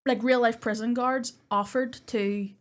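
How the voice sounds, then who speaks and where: A woman's voice: fairly high pitch, steady tone, a little slow. A woman co-hosting a comedy podcast, chatting in a laid-back, teasing way. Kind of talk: casual chat.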